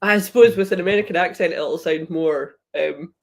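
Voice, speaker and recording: A woman's voice: lowish voice, normal speed, gravelly. A woman who is a guest on a casual chat show, talking in a friendly, chatty way with lots of "like". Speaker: guest, whisky brand ambassador.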